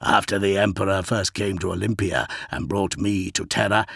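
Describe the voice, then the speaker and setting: A man voicing a brooding male warlord, grave and proud, speaking low, slow and measured in an audiobook reading. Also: fairly even intonation, gravelly, a bit bright, breathy edge, no room sound, clean studio sound, exaggerated voice.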